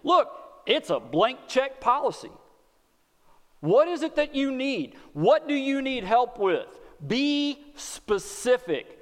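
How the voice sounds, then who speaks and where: A man's voice: very high voice, big pitch swings, measured pace. A man with a Texan accent preaching a sermon in a folksy, earnest way, often repeating words as he speaks. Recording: long hall reverb.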